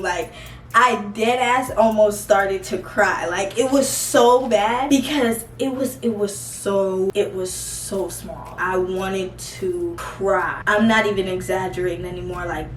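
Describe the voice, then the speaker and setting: A woman's voice: medium pitch, measured pace, distant mic. A young woman spins a casual storytime with blunt, profane humor and frequent laughter. She sits some way back from the mic in a roomy space, with faint music under her voice. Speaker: vlogger.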